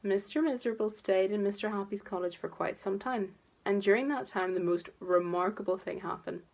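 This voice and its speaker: A woman teacher reading a picture book aloud to toddlers, expressive and gently coaxing. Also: medium pitch, a little fast, gravelly. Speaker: preschool teacher.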